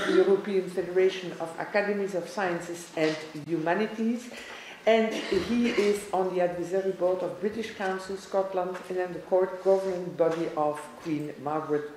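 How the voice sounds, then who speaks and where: A woman's voice: on the low side, background noise. Woman introducing a speaker in an echoey hall. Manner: hesitant, with fillers. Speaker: conference chair. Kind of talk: formal introduction. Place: large lecture hall.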